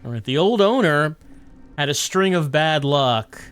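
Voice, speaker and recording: A man's voice: a little high, expressive, a little slow, fairly bright tone, smooth, faint music behind. A man streaming a video game, chatting casually and musing aloud as he reads game text.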